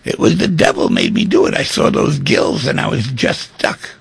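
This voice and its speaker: A sheepish male frog from a spoken fable, caught cheating and fumbling for an excuse, as a man puts him on. His voice is gravelly and husky, rough with heavy fry. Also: mid-range voice, huge pitch swings, normal speed, no echo, full character voice.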